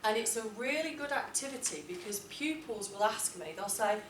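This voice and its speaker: A woman leads a classroom writing lesson. She speaks clearly and deliberately and leans on key words when she reads examples aloud. Her voice carries from a distance in an echoey room, with a faint hum of room noise behind it. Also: medium pitch, fairly bright tone. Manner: clear, deliberate, emphatic reading of model texts. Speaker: English teacher.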